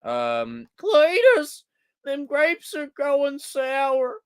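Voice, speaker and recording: Shrill Southern hick. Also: male voice, huge pitch swings, heavily acted. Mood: bossy drawl. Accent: exaggerated Southern American. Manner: high drawl, slow and stretched. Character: hick rural American man, shrill and drawling.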